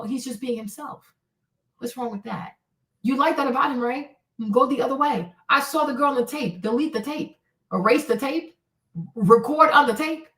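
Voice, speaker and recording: A woman's voice: high-pitched, fairly bright tone, recorded from a distance. Brash, profane woman streamer in an echoey room. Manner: brash, profane, emphatic and mocking. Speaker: livestream host. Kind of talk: blunt advice livestream.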